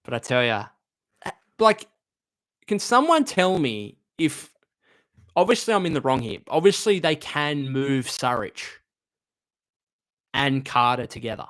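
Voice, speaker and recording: A man's voice: medium pitch, big pitch swings, measured pace, long pauses, a bit bright. A man hosting a casual live stream, talking basketball and reading chat comments, emotional and chatty, thinking aloud with restarts.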